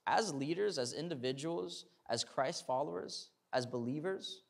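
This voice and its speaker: A young male preacher delivers a sermon in an easy, chatty way. He stumbles on words and checks in with "right?" before pressing his points with mounting fervor. His voice sits a little high for a man. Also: measured pace, gravelly. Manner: conversational, rising to fervent emphasis; repeats words and restarts, uses "like" and "right?".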